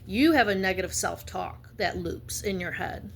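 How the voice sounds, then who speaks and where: A woman giving a spiritual reading in a blunt, fervent way, halting often to restart her sentences. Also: mid-range voice, vocal fry, a little hiss or hum. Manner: emphatic, halting with many restarts; blunt and fervent, slips into slang. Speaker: intuitive reader.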